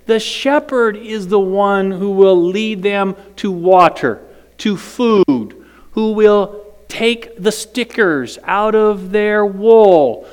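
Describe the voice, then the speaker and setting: High-voiced man preaching in a reverberant hall. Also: smooth. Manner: emphatic, storytelling, drops to whispers. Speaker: preacher and teacher. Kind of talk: sermon.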